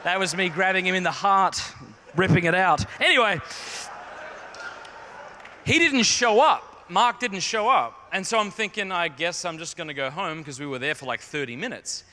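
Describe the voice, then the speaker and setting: A man's voice: high voice, big pitch swings, moderate pace, sharp tone. A man telling a humorous, self-deprecating story as a speaker to a youth audience in a large conference hall. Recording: long hall reverb.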